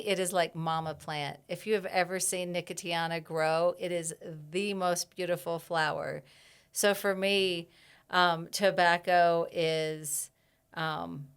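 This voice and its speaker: A woman herbalist in a casual podcast interview, reflective, pausing often with fillers and laughing easily. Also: on the low side, smooth. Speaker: herbalist guest.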